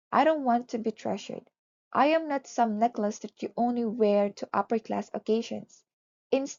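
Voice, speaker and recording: A woman's voice: mid-range voice, dark tone, muffled recording. A woman teacher reciting a poem earnestly, leaning into repeated refrains, then explaining it to her class. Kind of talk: poetry recitation and classroom lesson.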